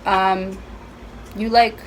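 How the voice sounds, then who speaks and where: A woman's voice: medium pitch, level tone, very slow, slight background noise, poor audio. A woman giving a casual tarot reading at home, chatty and playful, with frequent swearing. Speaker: tarot reader.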